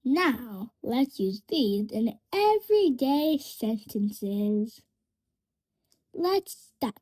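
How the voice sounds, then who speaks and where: A cheerful voice teaching a children's language lesson, talking straight to young learners in slow, carefully spaced phrases for them to repeat. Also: mid-range voice, sing-song, darkish tone, a faint crowd.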